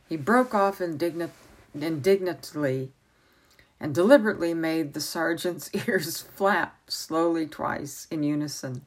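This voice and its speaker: A woman reading a novel aloud as a storyteller, with calm narration. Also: low-pitched, measured pace, rough recording.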